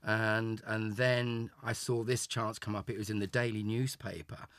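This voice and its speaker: A low-voiced older Englishman reminisces at an easy, rambling pace, often restarting his words. The sound is dry and close, with no room echo. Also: level tone, normal speed, a bit bright. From England. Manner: chatty, repeats and restarts words. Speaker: interview guest, former child show actor. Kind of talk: casual reminiscing interview.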